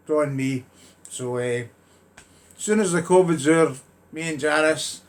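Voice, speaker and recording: A man delivers a rambling, sweary comic monologue into his own camera at home. His voice sits a little high, and he slips into the voices of neighbours and friends as he tells his stories. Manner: storytelling, sweary, acts out voices in quotes. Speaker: comedian.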